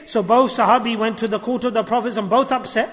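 A man giving an animated storytelling sermon at a gathering, acting out dialogue and using Arabic religious terms. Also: extremely high pitch, quick pace. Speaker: preacher. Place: gathering hall. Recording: long hall reverb.

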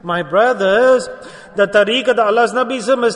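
A man's voice: very high voice, brisk. A man preaching a sermon, earnestly addressing listeners with rhetorical questions. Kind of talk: religious sermon. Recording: long hall reverb.

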